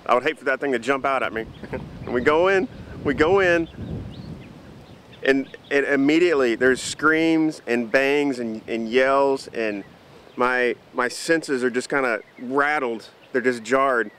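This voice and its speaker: A man telling a story to the camera in an animated, chatty vlog. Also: medium pitch, unhurried, slight background noise. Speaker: vlogger.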